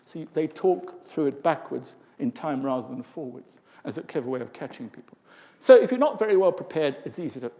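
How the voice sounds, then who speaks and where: An older man gives a lively conference talk, acting out voices and asides as he goes. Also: on the high side. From England. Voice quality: expressive, lively delivery with vocal demonstrations and asides. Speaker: conference speaker. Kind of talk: lecture to a live audience. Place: large conference hall. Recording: reverberant hall.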